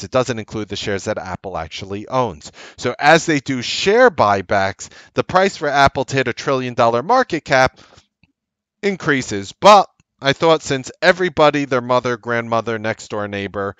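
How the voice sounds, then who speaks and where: A man hosting a stock trading show, explaining market news step by step in a conversational way, with loud, incredulous bursts when he stresses a point. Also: lowish voice, dry recording. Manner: animated, incredulous outbursts, rising loud on emphasis. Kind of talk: market commentary to camera.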